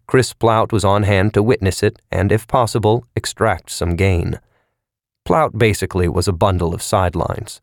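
A man narrating a novel in a measured, even storytelling manner. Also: low voice, no echo, clean studio sound. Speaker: audiobook narrator.

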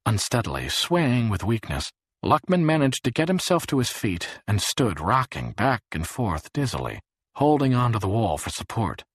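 A man narrating an audiobook in a dramatic, expressive way. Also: mid-range voice, moderate pace, no room sound, clean studio sound. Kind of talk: scripted narration.

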